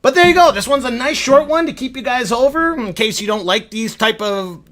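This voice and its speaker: A man's voice: very high-pitched, lively intonation, fairly quick, a bit bright. Rambling self-deprecating male storyteller. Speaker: vlogger. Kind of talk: casual storytelling to camera.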